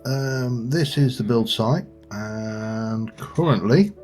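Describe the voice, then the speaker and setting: A man's voice: medium pitch, slow, darkish tone. A man giving casual, meandering let's play commentary and talking to the creatures in his game as he plays. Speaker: gaming channel host. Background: faint background music.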